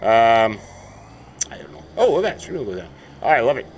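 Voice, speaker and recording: A man's voice: mid-range voice, big pitch swings, a little fast, a little hiss or hum, rough recording. A man hosting a farming game let's play, chatting casually as he plays, thinking aloud and often breaking into mild exclamations. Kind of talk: casual gameplay commentary.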